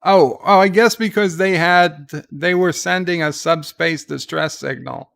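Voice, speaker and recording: A man hosting a relaxed live watch-along, retelling scenes in his own words and answering chat questions as they come in. His voice sits a little high but carries a gravelly rasp at the edges, with a smooth, resonant core. The sound is close and dry. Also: measured pace, no room sound. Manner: loose recapping of scenes, reads viewer chat questions aloud; thinks out loud with fillers and restarts. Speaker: live commentary host. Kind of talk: casual live episode commentary.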